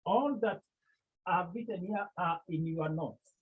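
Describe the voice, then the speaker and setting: A teacher leads a lecture at a very slow, measured pace, sounding out each syllable. The voice is husky and a little breathy. It comes through a thin, phone-like online class stream. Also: medium pitch. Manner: asks the class questions, then answers them. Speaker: Greek teacher.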